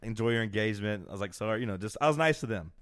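A man's voice: lowish voice, rapid-fire, no room sound. A man co-hosting a casual chat, telling a story with energy and acting out quotes. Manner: animated storyteller, acts out quotes, laughs often. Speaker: podcast co-host.

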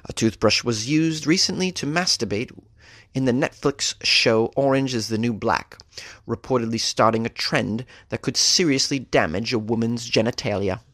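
A man's voice: medium pitch, normal speed, fairly bright tone, no echo, clean studio sound. A man hosting a comedic news podcast, reading stories and riffing on them with wry jokes. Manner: wry, joking, riffs on stories. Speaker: podcast host.

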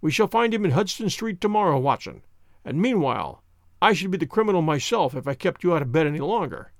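A man reading an audiobook, voicing a cool, incisive detective who speaks in a calm, clipped way. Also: a little high, quick pace, gravelly, no room sound, clean studio sound.

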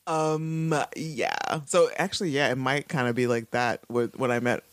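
A woman's voice: a bass voice, steady tone, moderate pace, no echo. A woman co-hosting a podcast in casual chat, joking and breaking into laughter, on a close mic. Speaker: podcast co-host.

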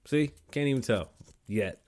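Man, solo podcast host, casual rant, profane, rambling, jumpy pitch. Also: measured pace, a little mellow.

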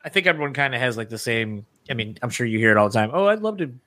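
A man in a podcast chat who rambles candidly and swears without thinking about it. His voice sits at a middle pitch. The sound is dry and close to the mic. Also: racing, sharp tone, no room sound. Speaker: podcast co-host. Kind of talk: casual chat.

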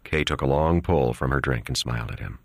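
A man narrating an audiobook in a steady, even storytelling manner. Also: extremely low pitch, brisk, gravelly, no echo, clean studio sound.

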